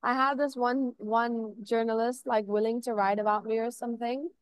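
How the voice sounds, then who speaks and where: A young woman talks as a podcast guest in a fairly high voice, telling stories in a loose, animated way and acting out what others said. The sound is close and dry, with no room around her. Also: moderate pace, no echo. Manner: animated storytelling, acts out quotes, frequent "like". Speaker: artist guest. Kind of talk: casual podcast chat.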